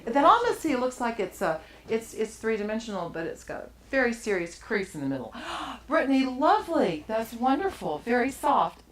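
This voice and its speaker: A woman's voice: a little high, very animated, normal speed, few pauses. A woman teaching a live charcoal drawing class to students, encouraging them and laughing often as she works. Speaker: art teacher.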